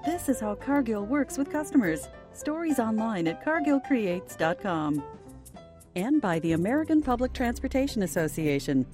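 Woman reading sponsor announcements. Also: fairly high pitch. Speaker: radio announcer. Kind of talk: scripted sponsor and station announcements.

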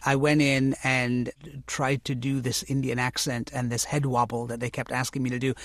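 A man's voice: medium pitch, level tone, moderate pace, a bit bright, no room sound. Male guest, reflective, stop-start phrasing, dry close sound. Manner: reflective, many restarts and "you know". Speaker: actor and author, interview guest. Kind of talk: conversational interview.

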